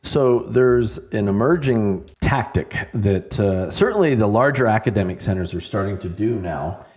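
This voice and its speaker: A man co-hosting a podcast, measured, steering the talk with questions. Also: on the low side, animated, a little mellow. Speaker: podcast co-host. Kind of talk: podcast discussion.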